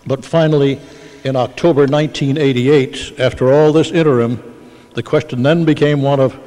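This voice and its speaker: An older man narrates history for an audience in a measured, storytelling manner. His voice is warm and mellow. The sound carries a long reverb from a large hall. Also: medium pitch. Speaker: panel moderator.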